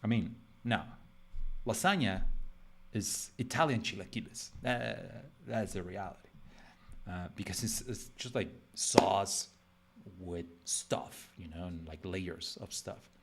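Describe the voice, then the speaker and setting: A man's voice: deep voice, takes it slowly, noisy background. A man from Mexico chatting casually and jokingly while he draws on a live stream, rambling with lots of "like". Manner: rambling and joking, heavy use of "like". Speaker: illustrator streaming a live drawing session.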